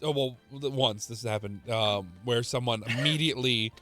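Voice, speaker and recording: A man chatting casually on a live stream, relaxed and swearing easily as he tells stories. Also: medium pitch, normal speed. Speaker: streamer co-host. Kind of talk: casual storytelling chat. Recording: music faint in background.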